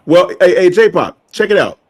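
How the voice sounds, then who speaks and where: A man co-hosting a casual sports debate, animated and excitable, jumping in over others. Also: high voice, moderate pace.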